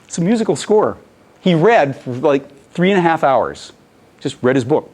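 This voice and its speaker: A man giving a conference presentation in an animated, storytelling manner, often slipping into the voices of the people he quotes. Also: fairly high pitch, moderate pace. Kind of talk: lecture presentation.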